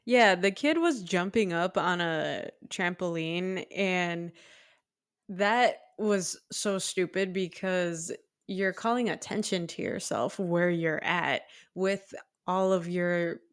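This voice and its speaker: A woman's voice: lowish voice, slow pace, smooth. A woman co-hosting a podcast, talking about a film in a blunt, heated way and swearing freely. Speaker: podcast co-host. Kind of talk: casual film discussion.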